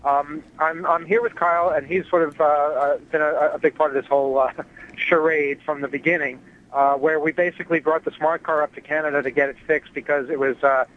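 A man's voice: fairly high pitch, steady tone, a little fast. A man calling in to a radio show, rambling through a story with many fillers and restarts. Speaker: caller phoning in to a radio show. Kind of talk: casual phone chat. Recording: muffled cell phone line.

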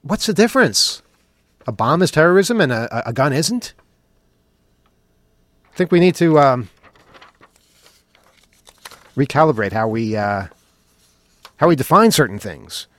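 A man's voice: mid-range voice, very animated, a little slow, pauses often, a bit bright, dry recording. A man hosting a talk show, riffing sarcastically with mock questions and then turning earnest. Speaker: podcast host. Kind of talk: opinionated talk show monologue.

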